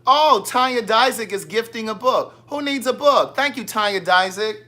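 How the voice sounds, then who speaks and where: Reading viewer comments on his casual live chat, a Maryland man teases and banters at a normal speed. He speaks high-pitched, and his voice comes across pushed and bright.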